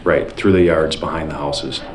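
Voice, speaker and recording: A man with an extremely low voice answers questions on the witness stand in short, measured replies. The courtroom echo is roomy, and faint room noise sits underneath. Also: fairly even intonation. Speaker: police officer testifying as a witness. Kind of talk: witness testimony. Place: large courtroom.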